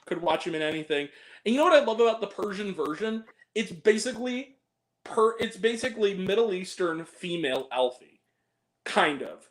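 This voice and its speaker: A man hosting a live Q&A, chatting about movies in an animated, rambling way and swearing freely. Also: sits high, moderate pace, slight background noise. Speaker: host. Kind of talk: casual movie chat.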